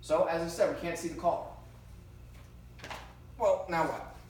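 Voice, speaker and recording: A man's voice: fairly high pitch, moderate pace, darkish tone. A man teaching a class for emergency dispatchers, talking casually with lots of fillers and stories. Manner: conversational, uses many fillers and personal anecdotes. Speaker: trainer for 9-1-1 dispatchers. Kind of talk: classroom lecture. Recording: very echoey room, distant mic, faint hiss.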